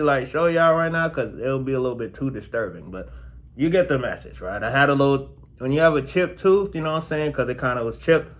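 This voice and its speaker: A young man vlogging casually to his viewers about his dental work, slangy and animated, his mouth still sore. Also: mid-range voice. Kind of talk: casual storytelling vlog.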